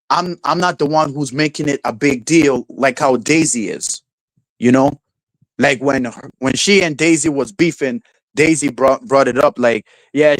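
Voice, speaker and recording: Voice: medium pitch, no echo, rough recording. A streamer host in a casual livestream rant, swearing freely, laughing often and mocking people with silly voices.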